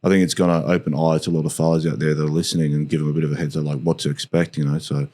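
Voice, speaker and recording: A man's voice: a bass voice, little pitch movement, very fast, warm tone. An Australian man hosting a podcast, talking in a rambling, casual way and chatting with his guest. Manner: rambling, lots of "you know" fillers. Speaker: podcast host. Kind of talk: casual interview chat.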